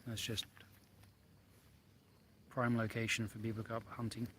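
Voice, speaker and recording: A man's voice: lowish voice, completely flat delivery, normal speed, fairly bright tone, a little hiss or hum. A man hosting a casual live stream outdoors by a lake, chatting and reading out viewer comments, filmed on a handheld phone. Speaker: vlog host.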